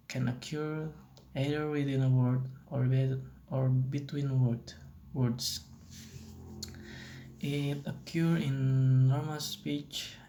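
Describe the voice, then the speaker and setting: A young man giving a class assignment presentation as a student, reading in a hesitant, halting way with restarts. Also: mid-range voice, creaky, mellow, slight background noise.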